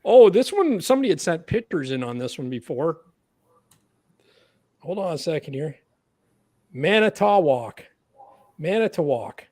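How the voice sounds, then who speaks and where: A man's voice: a little high, sing-song, moderate pace, pauses often, mellow. A man with a Canadian accent hosting a casual livestream chat, playful and laughing as he keeps score. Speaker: podcast host.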